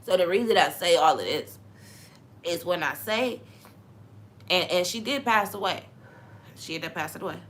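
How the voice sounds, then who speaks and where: A young woman hosting a podcast, talking in a relaxed, conversational way about faith and sometimes dropping into a hushed voice when she tells a story. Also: on the low side, normal speed, long pauses. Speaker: podcast host. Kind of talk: casual spiritual talk.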